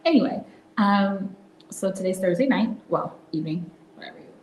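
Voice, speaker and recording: A woman hosting a casual devotional talk, soft-spoken and reflective, now and then dropping into a whisper. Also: mid-range voice, lively intonation, moderate pace, echoey room, a little hiss or hum, rough recording. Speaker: host.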